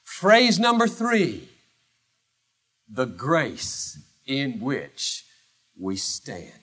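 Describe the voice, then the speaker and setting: A man preaching a sermon as pastor, emphatic, swinging from loud declarations to hushed low phrases with long pauses. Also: wildly swooping pitch.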